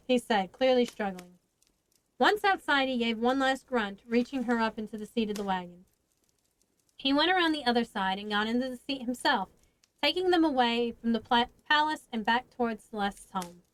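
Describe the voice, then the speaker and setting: A woman streamer reading a novel aloud with steady storytelling narration on a close mic. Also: on the high side, normal speed, dry recording, low-quality recording.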